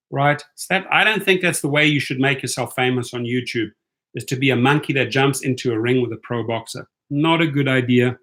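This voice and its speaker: This South African livestream host talks a little fast in a medium-pitched, somewhat bright voice. He reads out questions from chat and responds in a casual, blunt manner.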